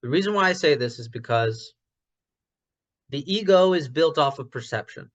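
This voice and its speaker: A man in a casual online discussion who thinks aloud with many restarts and gets loud when passionate about ideas. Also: a little high, lively intonation, moderate pace, highs cut off. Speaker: discussion participant.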